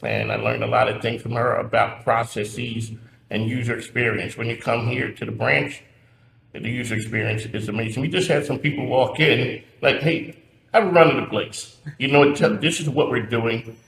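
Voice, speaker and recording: A man's voice: mid-range voice, fairly even intonation, normal speed, vocal fry, a bit bright. A man hosting a radio talk show, chatting casually and playfully with a guest. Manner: upbeat, playful host patter. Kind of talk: casual interview chat. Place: museum. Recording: echoey room with faint noise.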